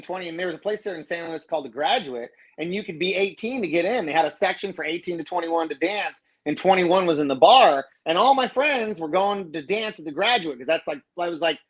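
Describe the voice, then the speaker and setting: A man, a radio DJ guest on a podcast, telling stories in a casual, animated way and acting out what people said. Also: high voice, poor audio. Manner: animated, acts out quoted dialogue. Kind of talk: casual storytelling.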